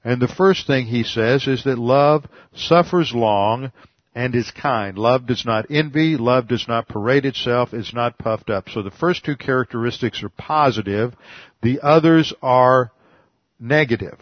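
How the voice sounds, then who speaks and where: A man's voice: medium pitch, unhurried, no room sound, dull audio. A man giving a verse-by-verse Bible teaching, methodically explaining Greek words one at a time.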